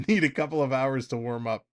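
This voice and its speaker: A man doing casual live play-by-play for a fan stream, chatting off-topic between pitches and laughing often. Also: fairly even intonation, moderate pace, clean tone.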